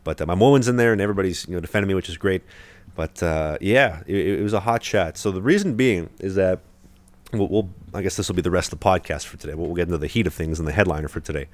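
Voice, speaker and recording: Fast-talking deep-voiced young man, rambling. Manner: rambling storyteller, many fillers and restarts. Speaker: podcast host, hockey goalie. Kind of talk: casual podcast chat.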